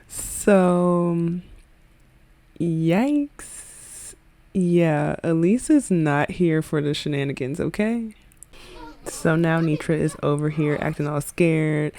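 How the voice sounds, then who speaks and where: A woman's voice: low-pitched, takes it slowly, mellow, dry recording. A woman giving casual let's-play commentary on a life-sim game, chatty, slangy and giggly. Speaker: gaming video creator.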